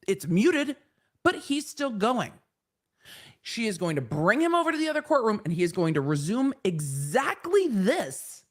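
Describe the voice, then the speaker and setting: Animated lawyer woman, blunt and swearing. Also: mid-range voice, a little slow. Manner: blunt, exasperated, swears freely. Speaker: lawyer reacting to a live trial. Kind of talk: live-stream commentary.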